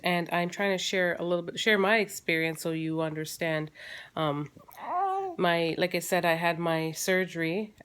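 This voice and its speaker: Mom vlogger in her 30s chatting at home, low-ish voice, rambly with lots of ums. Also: a bit bright, clear, resonant tone. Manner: chatty, rambling, with frequent fillers and restarts. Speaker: vlogger, mother. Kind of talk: casual chat to camera. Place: at home, holding her baby.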